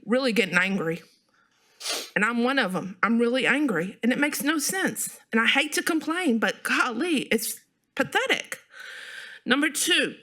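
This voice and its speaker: A woman's voice: on the high side, sharp tone. A woman giving a frustrated, emphatic public comment at a city council meeting. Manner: frustrated, emphatic, repeats herself.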